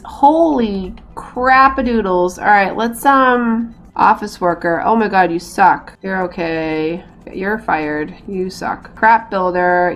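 An American woman talks her way through a game in a loose, chatty stream voice. She is self-mocking and laughs often as she plays. Her pitch sits in the middle of the usual range. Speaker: gaming streamer. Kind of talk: casual let's-play commentary.

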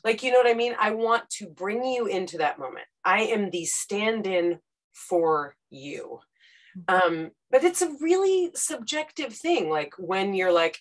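A woman with a mid-range, unhurried voice, a podcast host and former radio correspondent appearing as an interview guest, tells lively stories in an animated panel conversation. She acts out quotes and drops casual fillers.

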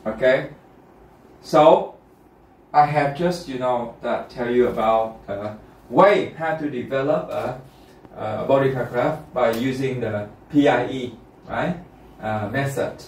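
A man's voice: medium pitch, slow, a little mellow. A man teaching a language-test class, checking in often with his students and repeating key points. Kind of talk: classroom lesson. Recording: roomy classroom, mic far off.

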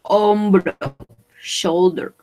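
A woman teaching English vocabulary, repeating each word slowly for pronunciation and switching into to explain. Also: mid-range voice, steady tone, a little mellow, rough recording. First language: Spanish. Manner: slow, repeats words for pronunciation. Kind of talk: bilingual vocabulary lesson.

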